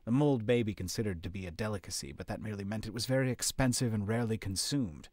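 A man's voice: fairly low pitch, quick pace, dry recording, studio quality. A man reading a fantasy story aloud on a live stream, narrating steadily. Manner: steady narration with occasional slips.

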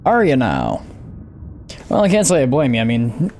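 A man's voice: mid-range voice, huge pitch swings, moderate pace, a little mellow, slight background noise. A man giving casual let's-play commentary with laid-back, dry asides. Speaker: gameplay commentator.

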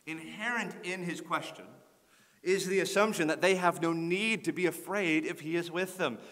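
A man preaching a sermon as pastor, earnest and building to forceful emphasis. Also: fairly high pitch, moderate pace, big-room sound. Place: church sanctuary.

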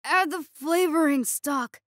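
A woman's voice: sits high, lively intonation, a little slow, dry recording, studio quality. Woman voicing a flustered male alien cook. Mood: panicked. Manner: panicked cries, muttering to himself.

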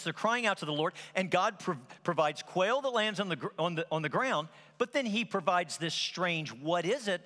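A man's voice: high voice, long reverb tail. A man preaching a sermon as a pastor, telling stories animatedly and acting out the quotes. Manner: animated storytelling with acted-out quotes. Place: large church hall.

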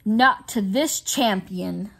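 A woman's voice: medium pitch, takes it slowly, creaky. A woman voicing a cheeky, showy and bragging male chinchilla in a storybook reading.

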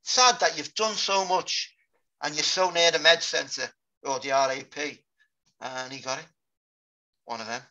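Sober man recounting combat, bright-toned. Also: a little high, steady tone. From Britain. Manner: sober, halting recollection. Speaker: guest, war veteran. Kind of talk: interview storytelling. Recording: dull lo-fi podcast audio.

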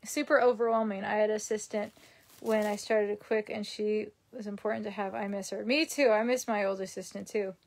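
A woman's voice: medium pitch, fairly even intonation, a little fast. A young woman chatting casually at home, answering live comments in a rambling way with lots of ums. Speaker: vlogger reading live comments. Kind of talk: casual live-stream chat. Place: her home.

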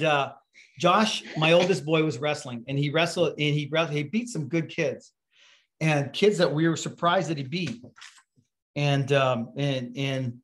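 Casual, fairly high-voiced male pastor. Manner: casual, storytelling with fillers and restarts. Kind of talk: conversational sermon.

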